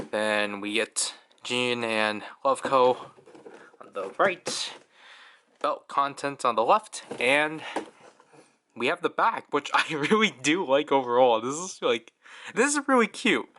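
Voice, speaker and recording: A man's voice: medium pitch, bright, forceful tone. A young man giving a casual, chatty toy review, full of fillers and small laughs.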